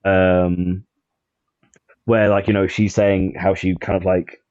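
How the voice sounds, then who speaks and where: A man's voice: low-pitched, flat delivery, takes it slowly, a little mellow, no echo, lo-fi sound. A man chatting casually on a podcast, rambling with lots of fillers and restarts. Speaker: podcast guest.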